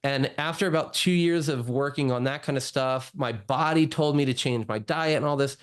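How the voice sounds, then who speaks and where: A man's voice: medium pitch, normal speed, clear, resonant tone. Chatty man telling his story. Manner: chatty, lots of "like" and "you know". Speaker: guest doctor. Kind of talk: casual storytelling interview.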